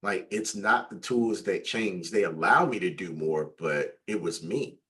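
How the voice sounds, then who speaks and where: A man talking casually in a conversation, animated and full of fillers. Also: low-pitched, unhurried. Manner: animated storyteller, acts out quoted voices; loose, repetitive phrasing with many "like" fillers.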